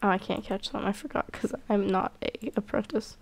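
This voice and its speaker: A woman's voice: medium pitch, moderate pace. A woman playing a cat-clan game and commentating casually, reading the characters' lines aloud and talking back to them sarcastically, swearing now and then. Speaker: gameplay commentator.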